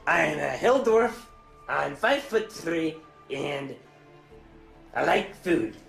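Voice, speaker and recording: A man's voice: on the high side, expressive, takes it slowly, creaky, fairly bright tone, exaggerated voice. A man with a cough voicing a stout, food-loving male dwarf cleric in a tabletop game role-play. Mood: hearty. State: has a cough. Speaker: player. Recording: echoey room, music behind.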